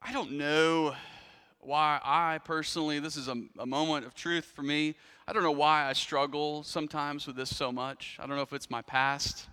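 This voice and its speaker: A man's voice: on the high side, flat delivery, moderate pace, sharp tone, smooth, long reverb tail. A man preaching a sermon in a church, telling a story in a conversational way with frequent restarts and asides. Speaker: pastor.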